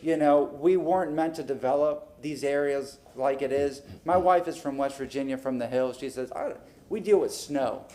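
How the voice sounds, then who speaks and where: With a mid-range voice at a moderate pace and hardly any pauses, a male council member voices his frustrations at a public meeting. He's animated, acting out dialogue into a desk mic in the council chamber.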